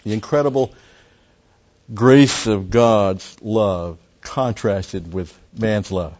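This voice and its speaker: A man preaching an expository sermon in a deliberate way, with pauses and emphatic rises, on a slightly muffled recording. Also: fairly low pitch, darkish tone. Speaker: pastor.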